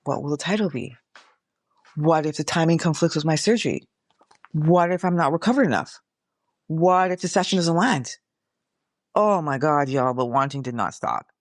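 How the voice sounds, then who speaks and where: A woman's voice: sits low, moderate pace, long pauses, no echo, clean studio sound. A middle-aged woman hosting her own podcast, talking candidly and casually, swearing freely and calling her listeners y'all. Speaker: podcast host. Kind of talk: casual reflective monologue.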